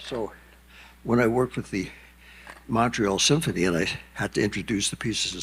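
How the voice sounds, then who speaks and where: A man's voice: lowish voice, normal speed, pauses often, slightly rough. A man in his nineties giving a rambling, anecdotal keynote speech on a conference stage. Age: 90s. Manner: rambling, anecdotal, with asides and restarts. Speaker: keynote speaker.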